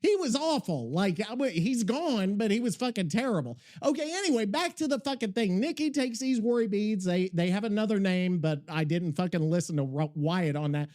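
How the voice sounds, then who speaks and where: A podcast host chats loosely, rambling and cursing nonstop. His high voice jumps around wildly with excitable energy, at a moderate pace with few pauses.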